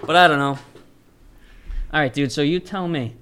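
A man's voice: on the high side, moderate pace, a bit bright, a little hiss or hum. A man hosting a podcast, joking around and laughing often, casual and chummy. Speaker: podcast host.

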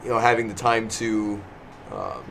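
A man with a lowish voice, musing through ideas in a relaxed podcast chat. He hesitates and restarts, leaning on fillers. Faint fan noise is heard behind him. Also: creaky. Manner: hesitant, halting, fills pauses with um and laughs. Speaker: podcast host. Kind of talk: casual podcast discussion. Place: small indoor room with a noisy fan.

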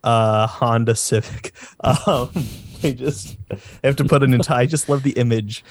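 A man co-hosting a podcast, talking in a rambling, halting way in casual chat. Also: mid-range voice. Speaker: podcast co-host.

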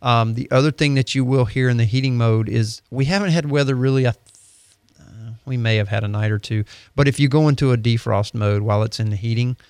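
A man's voice: medium pitch, fairly quick, clean tone, no echo. A man who is a heating and air-conditioning expert, explaining things steadily on a radio talk show. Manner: steady, explanatory, with filler ums. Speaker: HVAC company guest expert. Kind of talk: casual radio chat.

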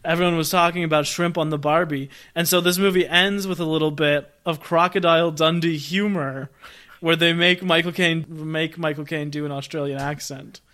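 A man with a bright, forceful voice and a slightly high pitch, chatting casually about movies. He is enthusiastic and chuckles through his points, like a podcast co-host in a relaxed review. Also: moderate pace. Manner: enthusiastic, chuckles while explaining. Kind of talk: casual film review chat.

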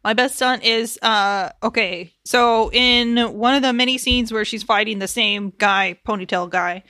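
A woman co-hosting a podcast, chatting casually about a TV episode, laughing often and dropping into quick mock voices of the characters. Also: a little high, sharp tone, no echo, studio quality. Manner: swears casually. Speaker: podcast co-host. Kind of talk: casual chat recapping a TV episode.

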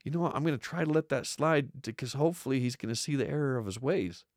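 A man hosting a podcast teaches scripture in an earnest religious study talk, often repeating words to stress his points. His mid-range voice moves fast, and the studio-quality recording is dry.

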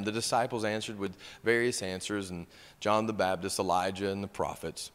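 A man's voice: on the low side, normal speed, a bit bright. A male pastor preaching a sermon, reading scripture and stressing key words with emphasis. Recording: long hall reverb.

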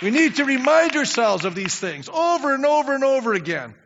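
Animated high-voiced male preacher in a reverberant hall. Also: fairly quick, a crowd in the background, noisy background. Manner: animated preaching, acts out prayers, drops low then shouts. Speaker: pastor. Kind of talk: sermon. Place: church sanctuary. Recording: dull reverberant church recording.

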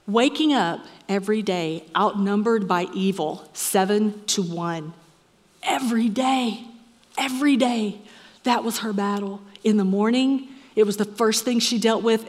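A woman preaching a sermon in a church, earnest and measured, sometimes dropping to a soft whisper for emphasis. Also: medium pitch. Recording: echoey hall reverb.

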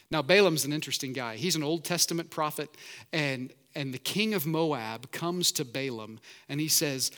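A man's voice: a little high, normal speed, fairly bright tone. A man preaching a sermon as pastor, earnest and building emphasis through repetition.

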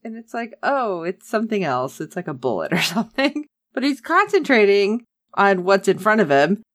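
Animated sarcastic woman recapping a show. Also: mid-range voice, normal speed, dry recording, clean studio sound. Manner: animated, sarcastic, acts out characters' lines. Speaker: podcast co-host. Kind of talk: casual TV recap chat.

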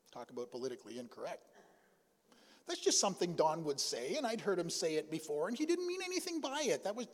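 A male pastor telling a personal story during a sermon, in a folksy, conversational way with pauses and asides. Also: on the high side, in a large hall. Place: church sanctuary.

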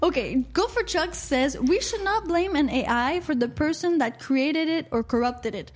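A woman's voice: high voice, expressive, moderate pace. A woman co-hosting a call-in radio talk show, chatting casually and reading out live chat comments.

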